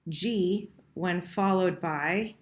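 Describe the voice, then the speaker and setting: This woman's voice is fairly low and extremely slow. In a screen-recorded French lesson on verb conjugation, she types as she speaks, patiently fixing her own slips.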